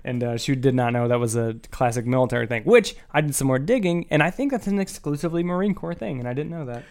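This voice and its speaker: A man co-hosting a casual podcast, laughing often and chiming in with quick agreement. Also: mid-range voice, darkish tone. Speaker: podcast co-host.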